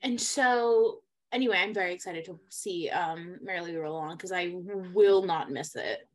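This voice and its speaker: A young adult woman co-hosting a casual podcast chat about musical theater, excitable and blunt, swearing casually. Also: lowish voice, moderate pace. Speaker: podcast co-host.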